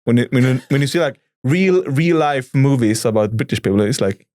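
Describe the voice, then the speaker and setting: A man's voice: medium pitch, fairly quick, darkish tone, dry recording, studio quality. A man co-hosting a podcast in casual chat, stammering with many restarts. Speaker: podcast co-host.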